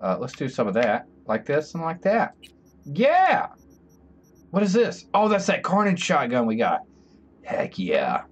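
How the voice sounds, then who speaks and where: A man streaming a video game live, talking to his chat in an excitable, joking, chatty way. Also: fairly high pitch, unhurried, breathy edge. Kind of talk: live gameplay commentary.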